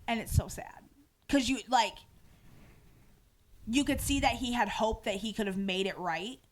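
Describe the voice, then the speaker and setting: A woman's voice: fairly high pitch, measured pace. Woman animatedly recapping a show. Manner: animated retelling, acting out quoted lines; frequent "um" and "like" fillers, casual swearing. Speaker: podcast host. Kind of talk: casual episode recap chat.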